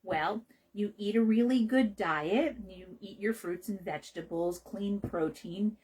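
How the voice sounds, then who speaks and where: A woman hosts a health radio show and talks loosely about natural treatment, full of ums and restarts. Her voice is slightly husky, and her pitch sits in the middle. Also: measured pace, darkish tone, poor audio. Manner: chatty, rambling with fillers and restarts. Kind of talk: casual health talk.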